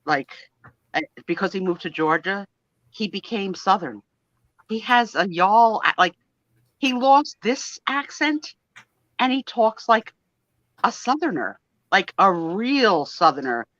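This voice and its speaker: A woman's voice: mid-range voice, slow, long pauses, no echo. A middle-aged woman, telling stories in a casual chat on a video call. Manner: chatty, storytelling, animated. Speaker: guest on a live sale chat. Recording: dry, dull lo-fi call audio.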